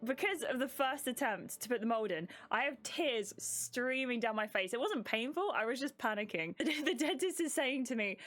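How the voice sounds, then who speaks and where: Woman, British accent, young adult, streamer, casual rambling story, fillers and restarts, slightly high voice. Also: animated, moderate pace, hardly any pauses, a bit bright.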